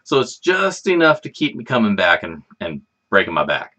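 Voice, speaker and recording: A man with a lowish voice hosts a casual livestream and rambles from one thought to the next. His pitch moves a lot, rising and falling as he talks. He's relaxed and swears freely. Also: moderate pace. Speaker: livestream host.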